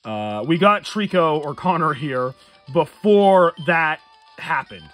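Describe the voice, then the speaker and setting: A man's voice: a little high, expressive, takes it slowly, a bit bright, faint music behind. A man giving casual let's-play commentary late at night, tired, rambling and chuckling at his own jokes. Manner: rambling, self-amused, chuckles often. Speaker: gamer playing a Nuzlocke run.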